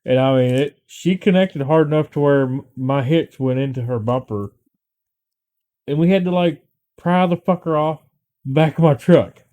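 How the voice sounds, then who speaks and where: A man co-hosting a podcast, telling stories in an easygoing, profane way. His voice sits a little high but sounds mellow and dark, and he swears the way other people breathe. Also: normal speed. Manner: profane, laid-back storytelling. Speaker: podcast co-host. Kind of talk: casual chat.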